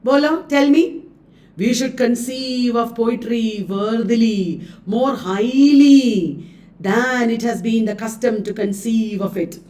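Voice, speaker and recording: Chatty Indian woman, live literature coaching, high-ish voice, recorded from a bit back. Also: takes it slowly, mellow, far from the mic. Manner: chatty, laughs often, mixes Hindi words. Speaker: literature teacher. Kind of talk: live online exam coaching.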